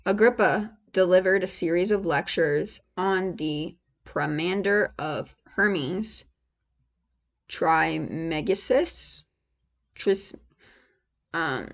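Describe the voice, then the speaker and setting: A woman in a whispered role-play ASMR reading, going slowly and haltingly and spelling out hard words letter by letter. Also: fairly low pitch. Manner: gets emotional and laughs between passages. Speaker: ASMR host reading aloud.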